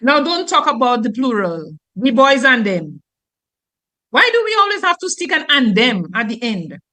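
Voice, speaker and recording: A woman teacher from Dominica, explaining grammar on the radio in an animated, teacherly way. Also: on the high side, moderate pace.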